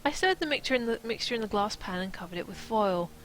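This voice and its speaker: A woman's voice: medium pitch, lively intonation, fast, slight background noise, poor audio. A woman streaming herself reading a novel aloud, stopping for playful, chatty asides.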